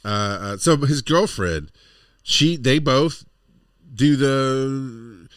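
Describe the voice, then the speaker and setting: A man's voice: mid-range voice, expressive, very slow, clear, resonant tone, no room sound, studio quality. A middle-aged man co-hosting a podcast, chatting casually and telling rambling, exasperated stories. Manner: rambling storyteller, exasperated asides. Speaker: podcast co-host. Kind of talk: casual chat.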